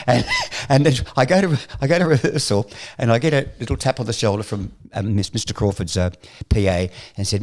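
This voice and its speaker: A man's voice: mid-range voice, quick pace, hardly any pauses. An older Australian man, a guest, telling showbiz anecdotes and acting out the voices of the people in them. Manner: animated, acts out the voices of people in his stories. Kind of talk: storytelling anecdotes.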